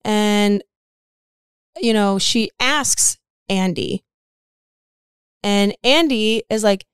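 Smooth-voiced woman telling a story. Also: mid-range voice, slow, pauses often, dry recording, studio quality. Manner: rambling, swears freely, lots of "like". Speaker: podcast co-host. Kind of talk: casual storytelling chat.

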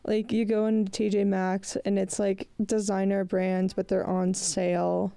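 Raspy young woman with a head cold. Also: mid-range voice, little pitch movement, unhurried, dark tone, dry recording. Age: 20s. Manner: rambling, chatty, frequent "like" fillers, laughs often. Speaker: podcast host. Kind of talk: casual solo podcast chat.

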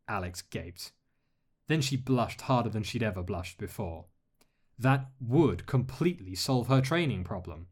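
A man narrating a story aloud as an audiobook reader, steady and expressive. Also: fairly low pitch, unhurried, breathy edge. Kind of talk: audiobook reading of fan fiction.

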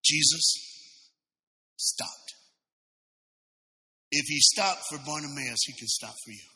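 Preacher, male, high bright voice, big swings in pitch, live church reverb. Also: brisk. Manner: animated, shouting, laughing asides. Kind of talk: sermon. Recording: reverberant church sanctuary sound.

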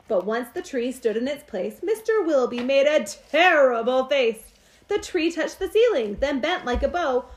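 A woman reading a rhyming children's Christmas picture book aloud in an expressive, sing-song way. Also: sits high, moderate pace. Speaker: storyteller.

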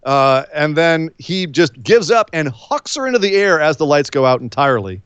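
Man, podcast co-host, casual recap, lively storytelling, dry close sound. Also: a little high, moderate pace, clear, resonant tone, no echo, dull audio. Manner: animated storytelling with quoted voices. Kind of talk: casual wrestling recap chat.

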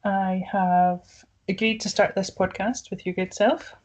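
A woman co-hosting a podcast in casual chat, chatty and quick to laugh. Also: mid-range voice, fairly even intonation, a little mellow, rough recording. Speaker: podcast co-host.

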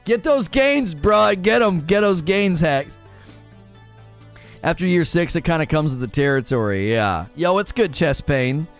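Lively guy streaming a game, chatty, laughing a lot, swoops up high, faint music behind. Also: measured pace. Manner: animated, laughs often, reads chat aloud. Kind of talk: casual gaming stream chat.

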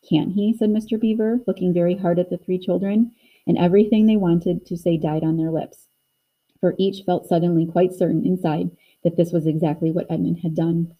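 A woman reading a children's storybook aloud in a measured storytelling manner. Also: lowish voice, fairly even intonation, dull audio. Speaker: audiobook narrator. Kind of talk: scripted narration.

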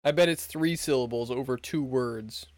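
A man's voice: medium pitch, moderate pace, dry recording, studio quality. A man quizzing his co-host in casual podcast chat, joking and swearing freely. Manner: profane, joking quizmaster.

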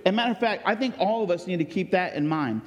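A man's voice: high voice, animated, fast talker, big-room sound. A man preaching a sermon as pastor, earnest and conversational, with ums and restarts.

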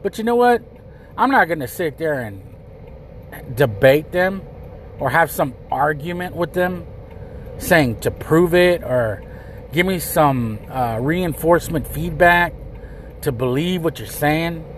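Hosting a podcast episode on his own, a man delivers blunt, emphatic commentary, repeating his points and cursing freely. His voice sits a little high and sounds animated, though he takes his time. There is slight background noise.

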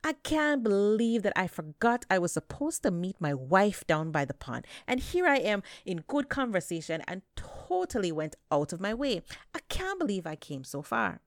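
A woman's voice: normal speed, dry recording, studio quality, close to an everyday voice. A woman voicing a scheming male rabbit trickster in a told folktale, fussy and exclaiming. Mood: flustered. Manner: fussy, exclaiming, high and excited.

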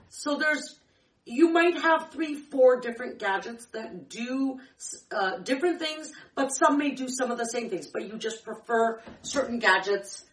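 A woman's voice: a little high, fairly bright tone. A woman hosting a kitchen tips show, chatting casually in a rambling, self-correcting way, her throat a little dry from a candy in her mouth. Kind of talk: casual demo chat. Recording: echoey room, far from the mic.

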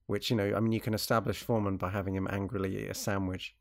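A man's voice: lowish voice, little pitch movement, racing, vocal fry. A man chatting casually about a TV show, rambling with many restarts and fillers. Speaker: podcast co-host.

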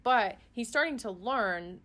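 A woman's voice: a little high, animated, measured pace, sharp tone. A woman who is a parent, talking in a casual, earnest way with many fillers and restarts. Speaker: parent guest on a podcast. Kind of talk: casual chat.

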